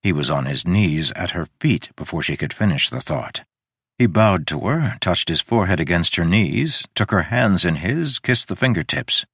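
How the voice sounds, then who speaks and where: Deep-voiced male audiobook narrator. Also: animated, moderate pace, fairly bright tone, slightly rough, no echo, studio quality. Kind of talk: scripted narration.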